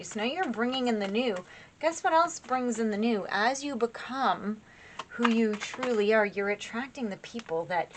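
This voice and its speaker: A woman doing a tarot reading for her viewers, talking in a loose, rambling, conversational way. She laughs at herself now and then, fills her pauses with "um," and keeps checking in with "right?" Her voice sits at an ordinary middle pitch for a woman. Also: a little hiss or hum. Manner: chatty, rambling, laughs at herself, lots of fillers. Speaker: tarot reader. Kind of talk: casual tarot reading to camera.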